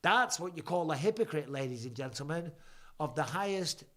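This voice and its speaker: Brief: male streamer, slightly higher voice, blunt, profane and jokey live commentary. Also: animated, normal speed, a bit bright. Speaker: host. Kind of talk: live-stream chat, watching fights.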